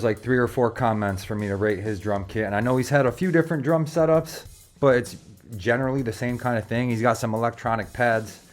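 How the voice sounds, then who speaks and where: A young man, rating drum kits in casual, joking chat, swearing freely and calling listeners brother. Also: mid-range voice. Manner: joking, profane, slangy, calls viewers brother.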